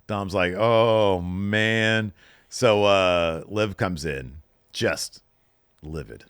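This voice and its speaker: A man co-hosting a casual wrestling recap show, retelling backstage scenes with lively storytelling. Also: deep voice, very slow, smooth, dry recording, clean studio sound. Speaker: podcast co-host.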